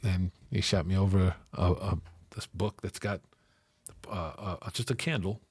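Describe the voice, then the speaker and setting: A man's voice: sits low, measured pace, a little mellow, slightly rough, dry recording. A middle-aged man in a candid interview, earnestly recounting his past and acting out conversations with raised voices. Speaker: interview guest.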